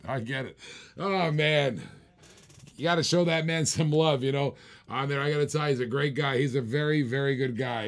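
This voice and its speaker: Guy with a gravelly voice hosting a live auction stream, jokey, keeps repeating the bids. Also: mid-range voice.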